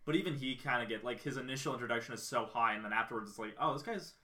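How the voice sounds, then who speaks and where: Bright-voiced young man, chatty and agreeable. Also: mid-range voice. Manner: chatty, agreeable, quick to back others up. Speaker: podcast co-host. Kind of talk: casual chat.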